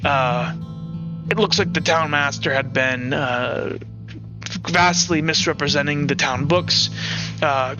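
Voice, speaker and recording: A man voicing a weary, earnest temporary town sheriff in a tabletop game, speaking haltingly with many pauses. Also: fairly high pitch, muffled recording, natural voice. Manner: hesitant, measured, earnest. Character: weary middle-aged male temporary sheriff. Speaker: game master voicing a character.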